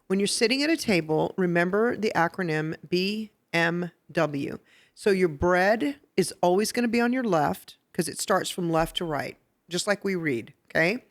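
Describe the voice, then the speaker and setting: A woman hosting a podcast who teaches etiquette step by step, checking in with "okay?" and getting lively and laughing when she tells stories. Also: on the low side, moderate pace. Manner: instructive, explains step by step with "okay?" and "right?". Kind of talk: casual podcast chat. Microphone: podcast microphone.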